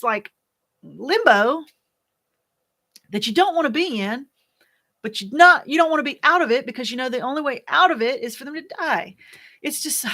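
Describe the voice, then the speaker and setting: Earnest, halting woman speaking candidly. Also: a little high, a bit bright. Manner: halting and searching for words, many fillers. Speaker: widow sharing her experience. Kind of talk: candid personal talk to camera.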